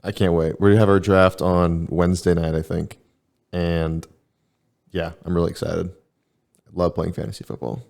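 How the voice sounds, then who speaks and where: Deep-voiced man in casual podcast chat. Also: level tone, measured pace, gravelly, a little mellow. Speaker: podcast co-host.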